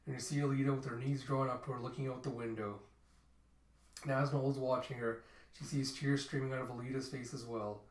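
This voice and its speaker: Reading through a manga for his channel, a man narrates panel by panel in a casual way, leaning on "you see" and "he's like." He talks briskly in a mid-range voice with little pitch movement, picked up by a distant mic in an echoey room.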